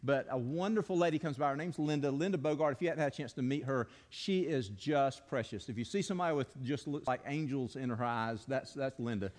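Earnest pastor in a reverberant hall. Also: male voice, mid-range voice, a little fast, hardly any pauses, darkish tone. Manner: earnest storytelling, leads the congregation in call-and-response. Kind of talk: sermon. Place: church sanctuary.

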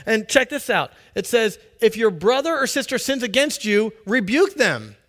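High-voiced animated male pastor. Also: normal speed. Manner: animated, conversational, acts out quotes. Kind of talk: sermon.

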